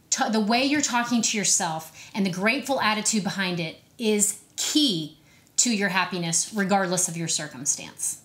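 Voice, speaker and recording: A chatty, upbeat woman in her thirties talks straight to camera as a motivational host. She speaks at an ordinary middle pitch and slips in playful acted-out inner voices. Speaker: host of a self-help video series. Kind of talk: casual motivational talk to camera.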